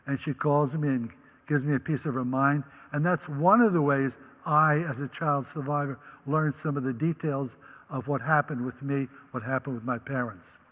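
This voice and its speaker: A man's voice: medium pitch, fairly even intonation, moderate pace, a bit bright, in a large hall, poor audio. An older man from the Netherlands, a Holocaust survivor, telling his life story vividly and acting out the voices he quotes. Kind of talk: personal storytelling talk.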